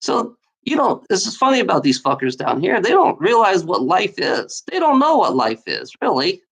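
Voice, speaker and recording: A woman's voice: mid-range voice, big pitch swings, normal speed, slightly rough. Woman, angry solo rant to camera; profane, repetitive, confrontational. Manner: profane, repetitive, heated, addresses someone directly. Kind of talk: angry ranting monologue.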